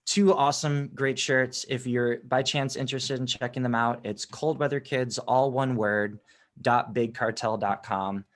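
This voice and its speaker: A man's voice: medium pitch, a bit bright. A man talking as a musician guest on a podcast, in an eager, rambling way. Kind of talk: casual interview chat.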